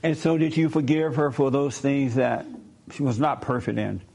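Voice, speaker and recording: A man's voice: mid-range voice, moderate pace, creaky, a little mellow. A man interviewing a younger guest, bluntly pressing with repeated "why" questions and lecturing him. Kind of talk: probing conversational interview.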